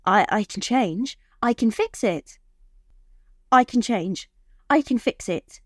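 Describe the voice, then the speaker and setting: A woman narrator voicing an anxious, devoted young woman who pleads softly to please her partner. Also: medium pitch, animated, measured pace, no echo, studio quality, pitched above the performer's own voice. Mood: pleading.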